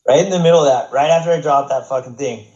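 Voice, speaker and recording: This American podcast guest talks quickly in a mid-range, darkish voice, swearing often as he rambles through casual stories with many restarts. The recording has a roomy echo and a slightly muffled, dull quality.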